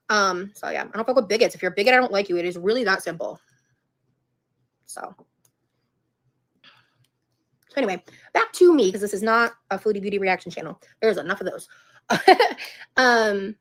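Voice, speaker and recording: A woman's voice: mid-range voice, gravelly, a bit bright. Rambling, frank woman livestreaming. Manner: rambling, frank, swears freely. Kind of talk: casual livestream chat.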